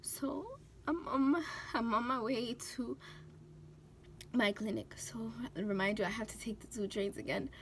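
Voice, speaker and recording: Tearful high-voiced young woman. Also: measured pace, a bit bright, a little hiss or hum. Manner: tearful, breaking down while telling a story. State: crying. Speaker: vlogger. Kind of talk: emotional personal vlog.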